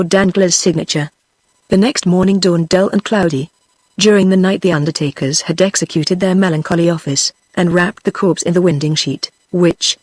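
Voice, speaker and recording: A text-to-speech woman's voice with a British accent, reading a classic novel aloud in an even, measured way. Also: on the low side, no room sound. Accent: British English. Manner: even, measured reading of dialogue and narration alike. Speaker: narrator. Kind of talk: synthetic audiobook narration.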